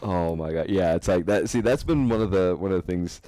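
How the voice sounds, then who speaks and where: A man hosting a podcast, telling stories in a rambling, animated way and laughing often. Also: sits low, brisk, no room sound. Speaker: podcast host. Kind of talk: casual podcast chat.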